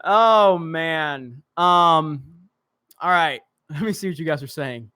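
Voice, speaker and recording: A young man with a Southern US accent hosting a casual live stream, rushing through chat comments with joking, self-mocking asides. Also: fairly high pitch, expressive, pushed and bright, smooth.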